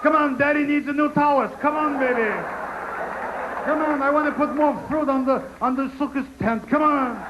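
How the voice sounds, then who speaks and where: A man putting on the voice of an old man gambling at dice, pleading and cursing at the throw in a high, strained voice. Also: steady tone, moderate pace, lo-fi sound. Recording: live stage show with audience noise.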